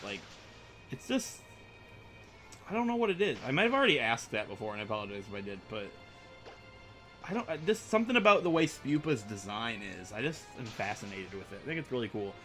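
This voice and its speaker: A young man chatting through a game playthrough, rambling and poking fun at himself. His voice swings animatedly up and down with a bright, forceful edge, and faint music plays underneath. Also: medium pitch, big pitch swings, brisk. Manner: rambling, self-mocking, chatty. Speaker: gaming YouTuber. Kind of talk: let's play commentary.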